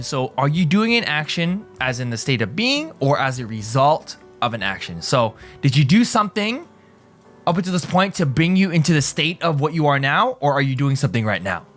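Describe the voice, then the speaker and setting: A man's voice: on the high side, sing-song, fairly quick, fairly bright tone, soft background music. A man teaching in a casual video lesson, explaining in loose restarts and often asking right?. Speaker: language teacher.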